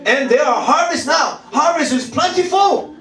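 A man's voice: very high-pitched, expressive, moderate pace, bright, forceful tone. A male pastor preaching a sermon, emphatic and repetitive, often laughing and calling on the congregation to answer. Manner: emphatic, repeats phrases, laughs often, calls for replies. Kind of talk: sermon with call-and-response. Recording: echoey church hall, voice from a distance.

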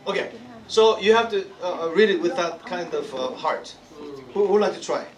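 A man's voice: sits high, lively intonation, normal speed. A man preaching to a congregation in an interactive sermon, teasing and laughing as he calls on people to answer. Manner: playful, teasing, laughs often, calls for responses. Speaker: pastor leading Bible study. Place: church hall with congregation. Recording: echoey room, from far off, crowd.

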